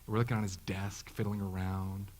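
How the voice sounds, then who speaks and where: A man's voice: low voice, little pitch movement, brisk, a little mellow, low-quality recording. A man in his thirties, a pastor giving a conversational sermon, joking and acting out the voices he quotes. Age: 30s.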